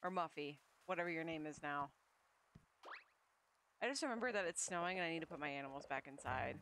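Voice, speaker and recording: A woman's voice: sits low, fairly quick, a bit bright, faint music behind. A young woman streamer chatting casually while playing, swearing, laughing and reading game lines aloud. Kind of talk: casual gameplay chat.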